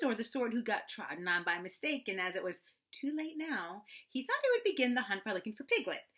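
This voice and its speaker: A woman storyteller reading a children's book aloud in an expressive, animated way. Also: medium pitch.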